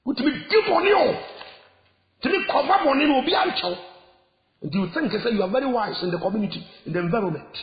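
A man with a Ghanaian accent preaching a sermon as an evangelist, dropping to low murmurs and then rising into shouted outbursts. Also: big pitch swings, brisk. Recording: echoey hall, muffled lo-fi sound.

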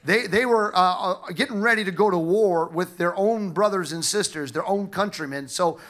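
Man, pastor, Southern Illinois accent, high voice, emphatic sermon, repeats himself. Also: moderate pace. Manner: emphatic preaching, repeats words, builds to loud passages. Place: church sanctuary.

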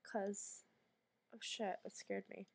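A sick woman coughing through her let's play commentary, mid-pitched and ordinary in tone. She reacts in a jumpy, anxious way, swears freely and slips into hushed whispers when things get tense. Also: flat delivery, slow pace, creaky, slightly rough. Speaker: gamer streamer.

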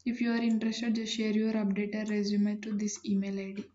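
A woman, hosting a channel and reading out job listings in a plain, businesslike way with frequent pauses. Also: mid-range voice, completely flat delivery, warm tone, highs cut off.

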